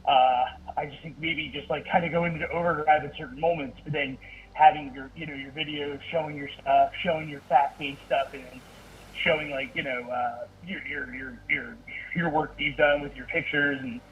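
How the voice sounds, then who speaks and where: A man calling in to offer advice, hedging every point with fillers and putting himself down. His voice sits somewhat high and comes through a distant phone line. A faint hiss of noise lies under his words. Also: fairly even intonation, normal speed, a bit bright. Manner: hesitant, filler-heavy, self-deprecating. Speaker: caller, writer. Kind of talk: casual advice on a call.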